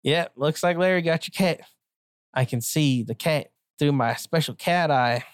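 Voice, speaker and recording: A woman voicing a bumbling, self-important male pet detective who talks in a blustery deadpan. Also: low-pitched, a little slow, clean tone, no echo, studio quality.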